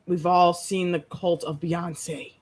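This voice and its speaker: A woman hosting a writing-sprint livestream, talking casually with a low, somewhat monotone voice and playfully dramatic banter. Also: slow, poor audio. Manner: playfully dramatic, teasing banter with chat and partner.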